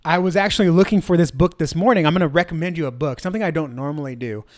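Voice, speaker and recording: A man's voice: on the high side, very fast. A middle-aged man hosting a church marketing show, talking energetically to camera with many rhetorical questions. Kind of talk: instructional talk to camera.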